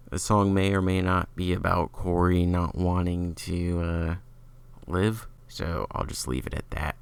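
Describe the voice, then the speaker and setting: A man's voice: sits low, vocal fry, smooth. A man giving a casual, opinionated music review, talking loosely with lots of fillers. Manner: opinionated, chatty, filler-heavy.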